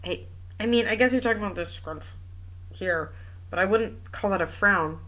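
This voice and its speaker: A woman's voice: mid-range voice, normal speed, fairly bright tone, poor audio. A woman reading a mystery novel aloud, breaking off for wry, chatty asides about the text. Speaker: reader and commentator.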